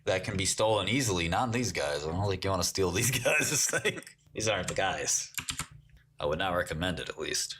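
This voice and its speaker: A man's voice: sits low, lively intonation, normal speed, fairly bright tone, a little hiss or hum. A man in his forties hosting a casual livestream, joking with the chat and laughing often. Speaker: livestream host. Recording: keyboard typing clicks. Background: keyboard typing.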